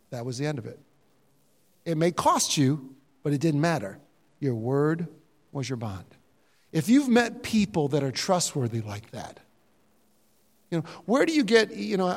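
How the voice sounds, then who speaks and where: An older man preaching a sermon, animated and jokey, sometimes mimicking other voices. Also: a little high. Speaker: pastor. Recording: reverberant hall sound.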